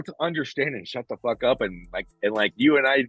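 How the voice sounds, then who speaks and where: A man's voice: mid-range voice, expressive, brisk, fairly bright tone, slightly rough, no room sound, soft background music, low-quality recording. A man co-hosting a casual podcast, speaking frankly and reflectively, swearing freely and often restarting his sentences. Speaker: podcast co-host.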